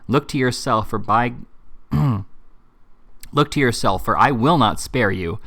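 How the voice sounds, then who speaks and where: A man voicing an indignant young male teacher who speaks firmly and forcefully. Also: medium pitch, slow pace, vocal fry, full character voice. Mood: defiant. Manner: firm, forceful, earnest.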